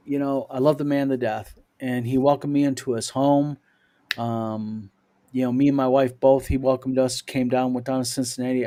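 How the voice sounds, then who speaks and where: A man co-hosts a relaxed panel chat, reading out viewer questions before drifting into a long story of his own. He rambles, leans on fillers, and chuckles as he goes, his voice sitting at an ordinary middle pitch. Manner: rambling, many fillers, chuckles while telling stories. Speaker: podcast co-host reading viewer mail.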